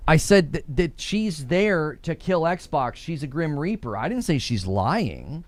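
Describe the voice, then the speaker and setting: Man hosting gaming livestream, combative, lively swooping voice, faint music behind. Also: on the high side, a little slow, few pauses, no room sound. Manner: indignant, combative, ranting. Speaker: livestream host.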